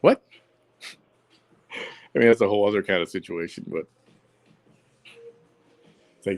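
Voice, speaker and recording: A man's voice: low-pitched, a little slow, long pauses. A man from Chicago, hosting a solo audio show, talking bluntly and heatedly, repeating himself for emphasis. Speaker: podcast host.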